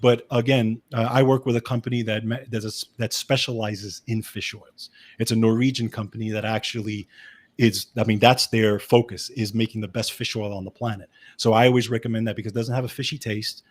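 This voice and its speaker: A man's voice: on the low side, little pitch movement, brisk. Man, Brooklyn accent, wellness specialist, casual explanatory advice, restarts sentences. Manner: explanatory, with frequent "okay" and restarts.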